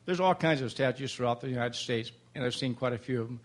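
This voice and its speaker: A man's voice: medium pitch, quick pace. An older man in his seventies, a Vietnam veteran, giving an emotional, plainspoken public comment at a city council meeting.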